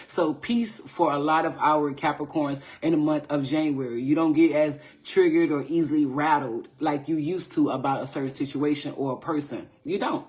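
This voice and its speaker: A woman from the United States giving a live tarot reading on a livestream, playful and animated, swearing freely and checking in with "all right?" after her points. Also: low-pitched, normal speed, few pauses. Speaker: tarot reader hosting a livestream.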